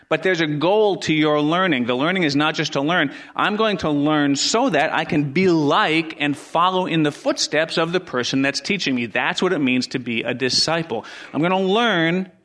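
A middle-aged man preaching a sermon as pastor, earnest, repeating his phrases and dropping from loud stress to near hush. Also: on the high side, moderate pace.

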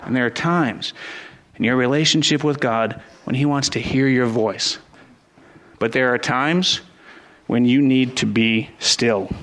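A middle-aged man preaching a sermon as pastor, earnest and building to fervent emphasis, with frequent restarts. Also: mid-range voice.

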